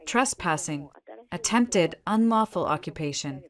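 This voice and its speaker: A woman voicing a brisk, ruthless divorce lawyer in her fifties, speaking in curt, clipped, commanding sentences. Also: fairly low pitch, lively intonation. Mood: businesslike. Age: 50s.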